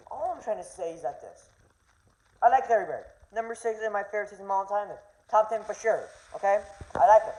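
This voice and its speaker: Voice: mid-range voice, fairly quick, warm tone. A young vlogger ranting casually, rambling and stumbling over words as the argument heats up. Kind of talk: casual rant. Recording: roomy echo, faint noise.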